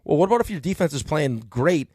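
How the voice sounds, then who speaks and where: A man's voice: on the high side, animated, darkish tone, breathy edge, no room sound, clean studio sound. A man with a New York accent hosting sports radio, rambling through casual sports talk with lots of fillers. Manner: rapid, rambling with many fillers.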